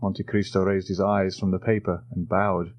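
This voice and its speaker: A man narrating an audiobook in an even, steady storytelling manner. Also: sits low, normal speed, no echo. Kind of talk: scripted narration.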